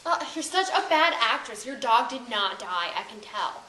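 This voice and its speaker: A woman's voice: a little high, big pitch swings, moderate pace, bright, forceful tone, a little hiss or hum. A woman acting in a comedy skit, exasperated, blunt and scolding. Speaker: comedy sketch actor. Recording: echoey room.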